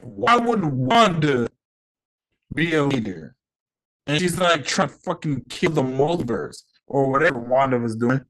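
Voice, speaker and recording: A man's voice: medium pitch, sing-song, a little slow, a bit bright. A man hosting his own podcast, talking casually with lots of slang and swearing, giving heated opinions. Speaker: podcast host. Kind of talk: casual solo podcast rant.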